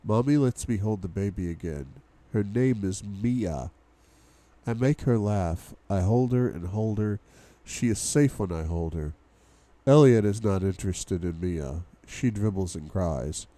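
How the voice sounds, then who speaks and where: A man's voice: fairly low pitch, measured pace, mellow, no echo. A young man reading a novel aloud for a book club, with asides to his viewers. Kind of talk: audiobook-style reading.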